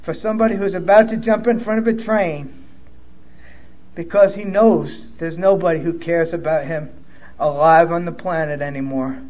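A man's voice: a little high, steady tone, normal speed, muffled recording. A man sharing his personal recovery story, blunt and profane, openly emotional as he tells it.

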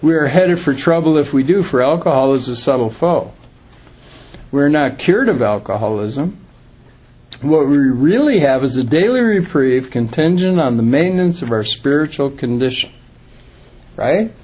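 A man addresses a room of fellow members in recovery, his voice husky and a little rough around the edges. He talks plainly and earnestly, leaning hard on the points he wants to land. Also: a little high, lively intonation, normal speed, darkish tone. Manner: earnest, plain-spoken, emphatic. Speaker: recovery speaker. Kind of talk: recovery talk to a group.

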